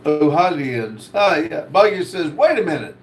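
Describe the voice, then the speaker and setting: A man hosting a casual livestream, reading viewer comments aloud in a slow drawl. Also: sits high. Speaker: livestream host reading chat.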